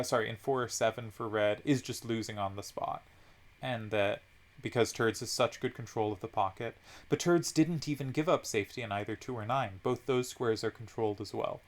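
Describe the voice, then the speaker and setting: Guy doing play by play analysis of a card game, mid pitch, lots of ums, explains every move. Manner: analytical, explains moves step by step with frequent ums. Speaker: tournament commentator.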